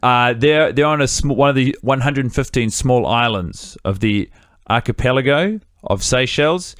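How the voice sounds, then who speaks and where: A man's voice: mid-range voice, moderate pace, a bit bright, no echo, clean studio sound. A man hosting a podcast, recapping a film in a rambling, profane, comedic way. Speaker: podcast host. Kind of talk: casual film-review chat.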